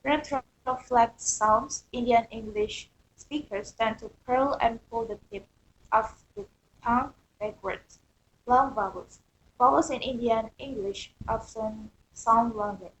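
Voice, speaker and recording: A woman's voice: fairly high pitch, slow pace, rough recording. A woman student reading a class presentation aloud, going steadily through a list of points. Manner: steady reading of listed points, occasional stumble. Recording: faint background noise.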